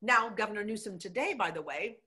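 A middle-aged woman, a former mayor, telling her story with emphatic, animated energy in a conversational interview. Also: medium pitch, fairly quick.

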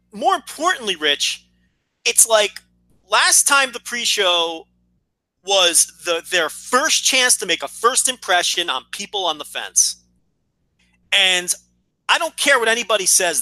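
A man co-hosting a wrestling podcast in casual chat, blunt and opinionated, swearing as he goes. His voice sits high, with a very bright, forceful edge. The sound is dry and close. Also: big pitch swings, a little slow, long pauses, no echo, low-quality recording. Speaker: podcast co-host.

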